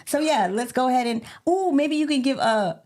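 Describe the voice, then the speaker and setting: A woman's voice: high-pitched, normal speed, darkish tone. A woman co-hosting a casual livestream chat, giggly and prone to breaking into laughter. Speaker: co-host.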